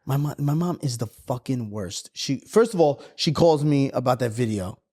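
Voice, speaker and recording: A man's voice: mid-range voice, expressive, normal speed, dark tone, husky. A man co-hosting a podcast, telling rambling stories with plenty of swearing and laughter. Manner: rambling storyteller, swears freely, laughs often. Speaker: podcast co-host. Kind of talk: casual chat.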